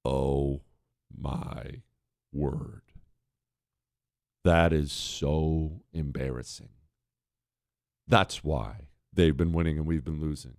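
A man hosting a political talk show, ranting in an exasperated, animated way. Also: a bass voice, extremely slow, long pauses, no echo, some chatter behind. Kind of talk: opinionated commentary.

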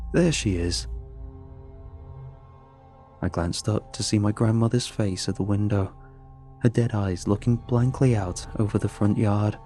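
A man narrating a scripted horror story with a low, dark, mellow voice. His delivery is measured and ominous.

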